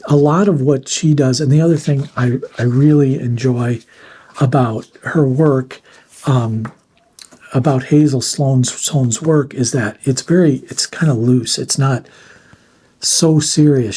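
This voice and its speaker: A man's voice: mid-range voice, slight background noise. A man hosting an art channel, talking casually and plainly through books he recommends, with frequent fillers and restarts. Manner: relaxed, plain-spoken, many fillers and restarts. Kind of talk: casual instructional talk.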